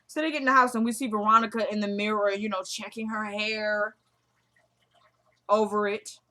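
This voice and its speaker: A woman talks through a TV episode in a loose, chatty way. She fills the gaps with "like" and "you know." Her pitch sits in an ordinary middle range. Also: steady tone, moderate pace, sharp tone. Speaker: TV episode recapper. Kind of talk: casual chat recap.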